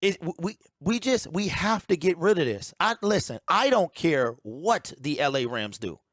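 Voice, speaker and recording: Emphatic man, sports commentary, ranting tone, somewhat high voice, dry close sound. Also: sing-song, normal speed, fairly bright tone, no echo. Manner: emphatic, ranting, repeats key points. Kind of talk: opinionated sports talk.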